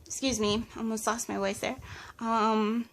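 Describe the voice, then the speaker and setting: A woman's voice: on the high side, little pitch movement, measured pace, vocal fry. A woman giving a pick-a-card tarot reading in a casual, hesitant way, listing impressions with many fillers. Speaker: tarot reader.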